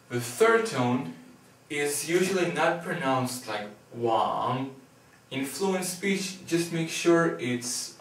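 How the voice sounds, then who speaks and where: A man teaching a pronunciation lesson, drilling each syllable deliberately. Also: mid-range voice. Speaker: language teacher. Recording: echoey room, distant from the mic.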